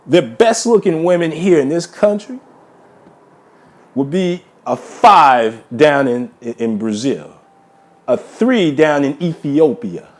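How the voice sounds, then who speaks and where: A man's voice: fairly high pitch, very animated, slow pace, a little mellow. A man ranting heatedly in a monologue to his viewers, repeating himself and tacking "man" onto most sentences. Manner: heated, repetitive, addresses listeners as brothers, says man constantly. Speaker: vlogger.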